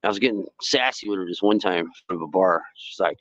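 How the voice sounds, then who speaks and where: A man hosting a fishing livestream, telling stories in a casual, rambling way, swearing freely and putting on high voices when he quotes people. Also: quick pace, hardly any pauses, a bit bright, no echo, dull audio.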